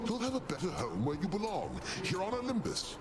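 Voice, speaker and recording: A man's voice: sits high, wildly swooping pitch, brisk, heavy background noise. An actor playing Zeus, a jovial, grandly genial older king of the gods in a video game.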